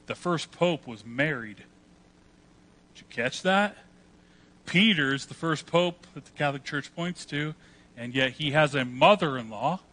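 Bright-voiced man preaching a lively sermon. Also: mid-range voice. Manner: animated preaching, acts out quoted voices. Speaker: pastor.

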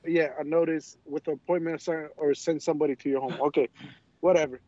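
A man with a high voice chats casually on a podcast. He tells stories animatedly and swears often. The recording sounds dull and muffled. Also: fast, no room sound. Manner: animated, profane storyteller. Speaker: podcast co-host. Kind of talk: casual chat.

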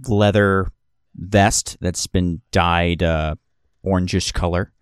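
As game master of a tabletop game, a man with a low, clear, resonant voice narrates scenes in a rambling way, full of fillers and restarts. The studio sound is clean, with no room sound.

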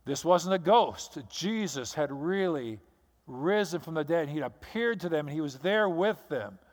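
A pastor with a high, bright voice delivers a sermon, telling the story dramatically and acting out scenes. He sounds like he is in a church hall, with a long reverb trailing each phrase. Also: lively intonation, moderate pace.

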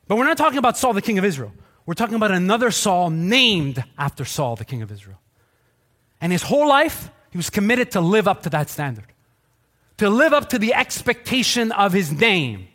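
A middle-aged man preaching a sermon in a high voice. He jokes with the congregation and slips into other people's voices, and his voice swings widely up and down. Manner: animated, joking, acts out quoted voices. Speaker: pastor.

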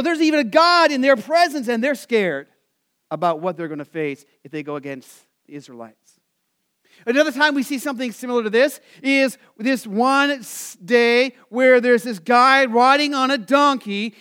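A male pastor with a strikingly high, smooth and resonant voice delivers a sermon. He talks to the congregation casually, dropping "you know" often, and pushes into bursts of excited energy. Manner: conversational, lots of "you know" asides; rises to excited, energetic emphasis. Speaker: Lutheran pastor.

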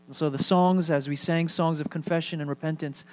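A man's voice: fairly high pitch, fairly even intonation, brisk. A male pastor preaching a sermon in a conversational way, with fillers and light humor.

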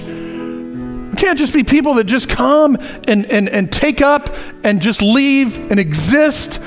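Animated, high-voiced male preacher. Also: measured pace, soft background music. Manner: animated, conversational preaching with acted-out asides. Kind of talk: sermon.

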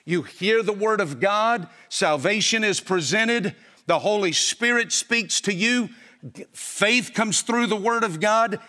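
A man's voice: high voice, takes it slowly, pushed and bright. A man preaching a sermon to a congregation, emphatic and full of rhetorical questions. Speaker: pastor. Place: church.

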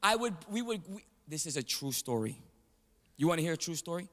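Brief: male preacher, a touch high-pitched, animated storyteller, echoing church hall. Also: a little fast. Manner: animated storytelling, calls out to the congregation. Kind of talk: sermon. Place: church sanctuary. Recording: long reverb of a large hall.

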